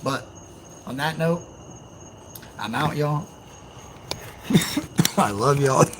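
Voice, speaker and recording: A young man, telling stories on a live stream in an animated, profane way with loud outbursts. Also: a little high, extremely slow. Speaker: channel host on a live stream. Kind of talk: casual storytelling on a live stream. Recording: faint insect and cricket noise behind.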